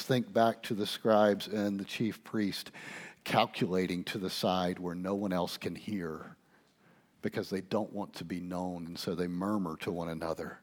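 A male pastor preaching a sermon, asking his listeners questions and swinging between hushed asides and loud emphasis. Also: deep voice, fairly even intonation, unhurried. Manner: conversational, asks the congregation questions.

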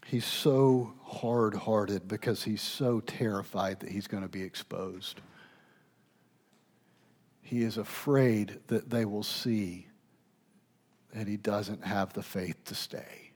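A man preaching a sermon emphatically, rising loud and dropping to a hush. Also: on the low side, steady tone, takes it slowly, pauses often, breathy edge. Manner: emphatic, swings from loud to hushed. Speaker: pastor.

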